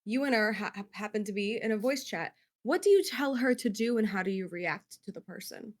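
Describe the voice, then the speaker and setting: A woman's voice: medium pitch, a little fast. Chatty woman hosting a gamer game show. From Spain. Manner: affectionate, rambling, fillers like "like". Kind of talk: casual question-asking.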